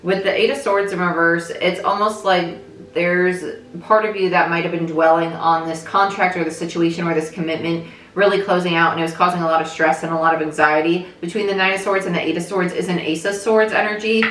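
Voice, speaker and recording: A young adult woman does a casual tarot reading in a brisk, slightly bright voice that sits on the low side with a steady tone. She's chatty, thinks aloud, and keeps checking in with listeners with "right?" The room is echoey, with faint music and slight background noise.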